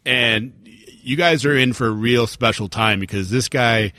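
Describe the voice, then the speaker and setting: A man co-hosting a podcast, chatting in an excitable, jokey and crude way. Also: mid-range voice, moderate pace, no echo, clean studio sound. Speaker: podcast co-host. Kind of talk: casual podcast chat.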